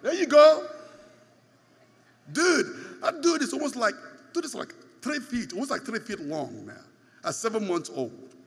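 High bright-voiced preacher in echoing hall. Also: male voice, sing-song, measured pace, gravelly, long pauses, husky. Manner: emphatic, repeats phrases for stress. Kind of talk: sermon. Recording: long hall reverb.

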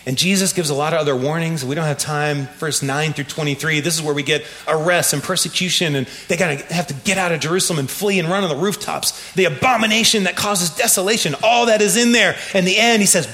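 A man preaching a sermon, telling stories in an animated way with laughs and shouts. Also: sits high, brisk. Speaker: pastor.

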